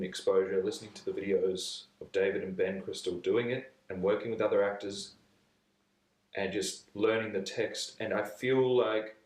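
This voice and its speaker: An Australian actor reflecting hesitantly on his work, searching for words as he talks. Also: lowish voice. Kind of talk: reflective interview. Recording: roomy, distant camera mic.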